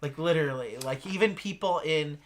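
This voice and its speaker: A man's voice: on the high side, a little fast. A man with a slight lisp co-hosting a casual chat, talking in a chatty, rambling, enthusiastic way. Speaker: co-host.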